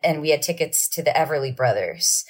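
A woman's voice: low-pitched, a little fast. A woman musician telling casual stories as a podcast guest, acting out the people in them. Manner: lively anecdotes with acted-out quotes. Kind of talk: casual storytelling.

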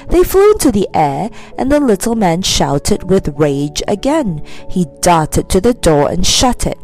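A woman narrating a children's storybook in an expressive, animated reading. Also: lowish voice. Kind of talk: scripted narration.

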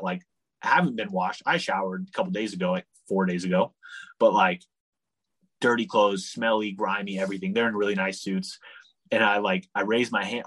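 A young man casually telling a long travel story as a guest, animated and full of "like," acting out the people he quotes. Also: on the low side, slightly rough, low-quality recording. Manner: animated, leans on "like" a lot, acts out the people he quotes.

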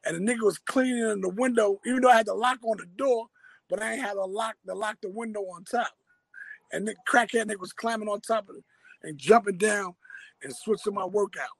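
Man, New York accent, high register, dry close sound; rambling slang storyteller. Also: fairly quick, creaky, no room sound, poor audio. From Harlem, New York. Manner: street slang, loose rambling narration. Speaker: interviewee. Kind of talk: casual storytelling.

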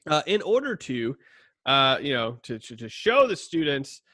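A man's voice: mid-range voice, very animated, unhurried, pushed and bright, no room sound, clean studio sound. Rambling self-mocking male podcast host. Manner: rambling, self-deprecating, many fillers and laughs. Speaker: podcast host and former youth pastor. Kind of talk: casual chat and scripture reading. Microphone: cheap budget mic.

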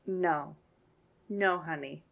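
A woman's voice: sits low, very slow, vocal fry. A woman co-hosting a podcast in casual chat, playful and laughing often as she quizzes her partner and reads from her notes.

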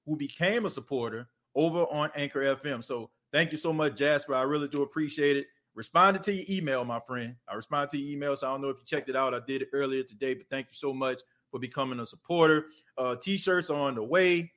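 A man's voice: mid-range voice, fairly bright tone. A man hosting a casual sports podcast, talking loosely and conversationally and using lots of filler phrases. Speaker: podcast host.

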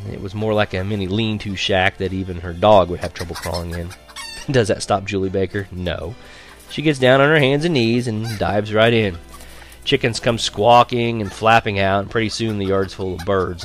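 A man reading a first-person story aloud in a lively, animated way, chuckling now and then. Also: lowish voice.

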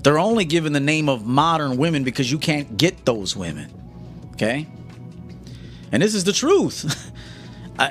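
A man's voice: a little high, expressive, normal speed, long pauses, fairly bright tone, soft background music. A man coaching his audience in a live-stream monologue, blunt and confrontational, often checking "okay?". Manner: blunt, lecturing, confrontational, keeps asking "okay?".

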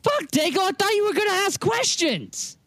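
A man plays a tabletop game, blunt and quick to swear. His voice is high and swings around a lot. The recording is dry, with no room sound. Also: sing-song, gravelly, a bit bright, no echo. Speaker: player. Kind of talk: casual tabletop game chat.

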